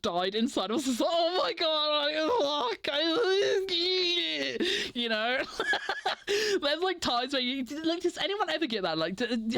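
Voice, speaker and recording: A young woman chats casually on a livestream, rambling with lots of "like" fillers and frequent giggles. Her voice is fairly high and fairly bright, with no echo.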